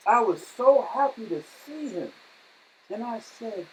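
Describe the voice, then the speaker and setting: A male storyteller who takes his time, letting each phrase land, and keeps checking in with his listeners. His pitch moves a lot, climbing and dropping as the story builds. A faint hiss sits under the recording. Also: animated, darkish tone, low-quality recording. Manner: unhurried, dramatic, tags lines with "okay?". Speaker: storyteller and teacher. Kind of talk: personal storytelling.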